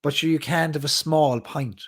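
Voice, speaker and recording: A man's voice: fairly high pitch, steady tone, normal speed, fairly bright tone. An Irish man with a Cork accent, hosting a whiskey club live stream and chatting casually with viewers, rambling a little and tired late at night. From Ireland. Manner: rambling, chatty, reads viewer comments aloud.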